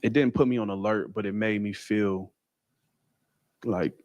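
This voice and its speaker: Low-voiced man recounting a story. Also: fairly even intonation, a little mellow, dry recording, highs cut off. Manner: halting, many fillers and restarts. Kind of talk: casual first-person account.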